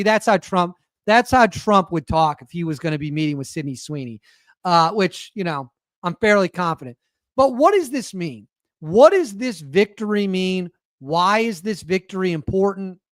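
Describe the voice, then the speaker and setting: A man's voice: high-pitched, no room sound, studio quality. A man hosting his own show, giving rambling, sarcastic casual commentary and often stopping himself mid-sentence. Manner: rambling, self-interrupting, sarcastic. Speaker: podcast host.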